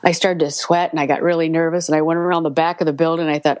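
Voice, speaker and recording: A middle-aged woman, a voice actor, telling stories in a casual interview, lively and laughing, repeating words when excited. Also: low-pitched, rapid-fire, no room sound. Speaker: voice actor guest.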